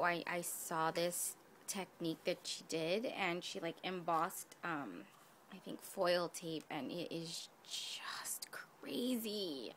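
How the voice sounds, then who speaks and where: A woman's voice: lowish voice, a bit bright, a little hiss or hum. A woman unboxing craft gifts on her vlog, gushing and breathless, gasping and whispering in awe, hot and catching her breath. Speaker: vlogger opening a craft swap package.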